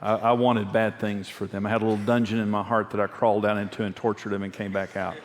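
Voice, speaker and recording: Here a middle-aged man who pastors and teaches on marriage preaches at a quick pace in a fairly low, level voice. His sermon is full of candid, earnest personal stories and phrases repeated for emphasis, all echoing with long hall reverb.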